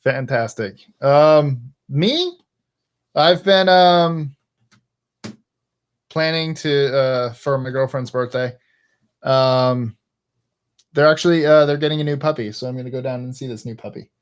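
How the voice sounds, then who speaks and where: A man's voice: mid-range voice, steady tone, a little slow, pauses often, smooth. A man co-hosting a casual live stream, chatting with his partner and reading out viewer messages. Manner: chatty, reads out viewer super chats.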